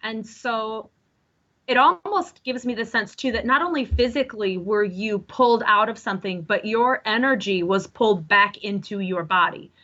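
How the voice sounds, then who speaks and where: A woman's voice: a little high, normal speed, pushed and bright, lo-fi sound. A woman giving live psychic readings to callers, chatty and rambling, often correcting herself. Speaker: psychic reader.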